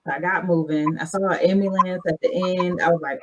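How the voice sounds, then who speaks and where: A woman's voice: on the low side, normal speed, slight background noise, poor audio. A woman who is an army veteran, a guest on a podcast interview, telling her stories in a candid, loosely structured way.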